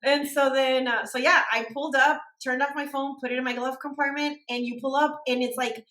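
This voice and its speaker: A woman's voice: high-pitched, steady tone, a little fast, a bit bright. A woman telling a long story in casual chat, rambling and using "like" a lot. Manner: rambling, heavy use of "like". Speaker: podcast team member telling a story. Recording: echoey room.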